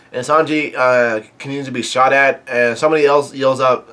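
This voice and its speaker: Halting man recapping a comic. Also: mid-range voice, steady tone, a bit bright, clear, resonant tone. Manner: halting, many fillers and restarts. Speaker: manga reviewer. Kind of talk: casual recap of a comic chapter.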